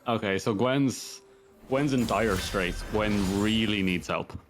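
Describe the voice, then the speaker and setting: A man's voice: fairly low pitch, slow. A man casting a live esports match, rattling off play-by-play with rambling asides. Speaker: esports caster. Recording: music playing underneath.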